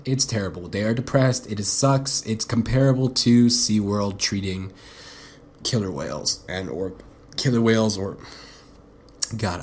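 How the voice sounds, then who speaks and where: A young man hosting his own podcast alone, rambling off the cuff and swearing freely. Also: mid-range voice. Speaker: podcast host. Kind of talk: casual solo podcast monologue.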